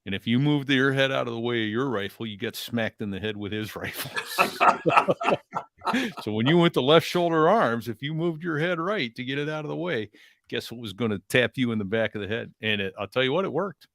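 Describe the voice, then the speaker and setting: A man in his sixties with a gravelly, creaky voice, chatting as a podcast co-host. He tells stories in a relaxed, matter-of-fact way. The sound is dry and close. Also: mid-range voice, brisk, no echo. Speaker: co-host, former Marine. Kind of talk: casual chat.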